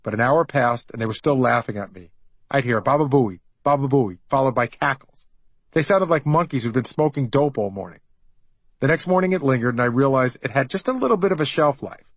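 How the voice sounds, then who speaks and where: A man's voice: mid-range voice, lively intonation, fairly quick, no room sound, poor audio. A middle-aged man narrating his own memoir as an audiobook, in a wry, conversational storytelling manner.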